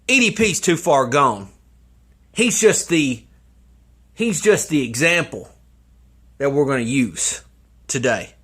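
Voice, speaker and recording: A man mocking someone in slow, drawn-out commentary. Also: a little high, very animated, sharp tone, breathy edge. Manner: taunting, drawn-out, laughing between lines. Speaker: YouTube commentator.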